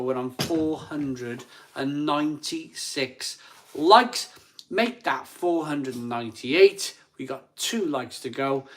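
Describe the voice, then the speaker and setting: A man hosting a casual live stream from home, chatting excitably and counting likes aloud. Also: a little high, slow.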